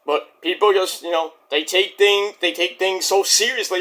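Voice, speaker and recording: A man's voice: high-pitched, steady tone, normal speed, hardly any pauses, pushed and bright. A man, ranting bluntly and profanely in a rambling casual monologue as a vlog host.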